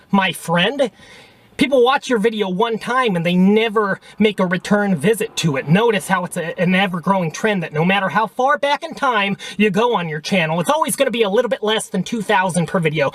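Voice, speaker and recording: Man, high-pitched, dry close sound, combative mocking rant straight into a webcam. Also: fairly bright tone, dry recording. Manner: combative, mocking, repeatedly says okay and pal. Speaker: vlogger. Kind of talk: ranting response video.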